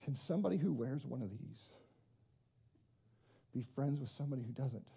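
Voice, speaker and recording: A man's voice: mid-range voice, expressive, moderate pace, creaky, mellow, husky. A man preaching a conversational sermon to his congregation, self-deprecating and often asking them questions. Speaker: pastor.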